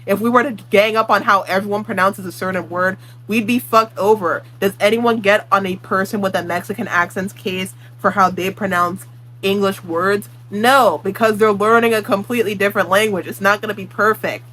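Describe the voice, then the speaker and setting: A woman's voice: mid-range voice, steady tone, moderate pace, fairly bright tone, low-quality recording. A woman book vlogger ranting her opinions in casual talk, blunt and exasperated, swearing freely. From Puerto Rican.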